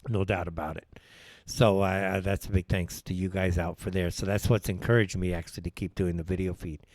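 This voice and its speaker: A man's voice: low voice, level tone, brisk, darkish tone, no room sound. A man hosting a live political talk show, ranting in an opinionated way and firing off rhetorical questions. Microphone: wears headphones while speaking.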